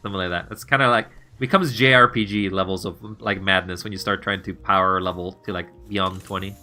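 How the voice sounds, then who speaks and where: A man's voice: low-pitched, fairly even intonation, brisk, bright, forceful tone, faint music behind. A man streaming a game, chatting casually with his viewers, rambling and laughing as he plays.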